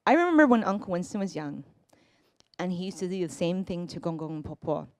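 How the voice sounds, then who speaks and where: A woman's voice: on the low side, big pitch swings, brisk, a little mellow, no echo. A woman in her forties telling a personal family story, earnest and reflective, acting out bits of dialogue.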